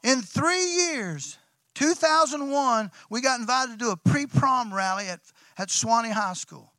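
Excitable pastor telling a story. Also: male voice, very high voice, measured pace, no echo. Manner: excitable, folksy, repeats and restarts, bursts into loud shouts. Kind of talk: sermon storytelling.

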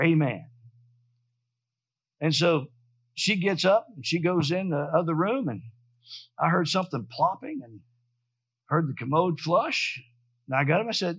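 A man's voice: a little high, expressive, brisk, a bit bright, slightly rough. An older man preaching a sermon, telling a story full of hallelujahs and amens. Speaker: pastor. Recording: dry, dull lo-fi sound.

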